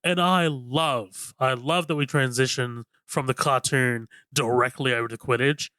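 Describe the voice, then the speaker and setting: A man's voice: mid-range voice, steady tone, measured pace, pushed and bright, no room sound. A man co-hosting a casual film-review podcast, rambling enthusiastically with lots of "like" and cheerful swearing. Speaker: podcast co-host.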